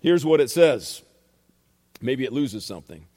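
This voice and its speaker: A man's voice: medium pitch, expressive, a little slow, dark tone, breathy edge. A male pastor delivers a sermon with emphatic, repetitive rhetorical questions. His mid-range voice carries a long reverb from the church hall around him. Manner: emphatic, repeats phrases and asks rhetorical questions. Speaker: pastor and Bible teacher.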